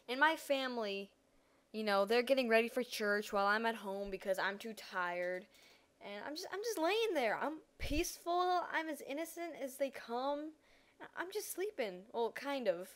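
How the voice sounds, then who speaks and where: A teenage girl telling a personal story in a casual vlog, animated and dramatic, acting out her own reactions. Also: on the high side, moderate pace. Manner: animated, dramatic retelling with acted-out quotes.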